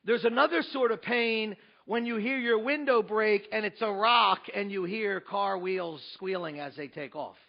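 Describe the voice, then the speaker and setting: A man preaching a sermon as pastor, emphatic, with rhetorical questions, swinging between loud and hushed. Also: high voice, moderate pace, vocal fry, few pauses, muffled recording.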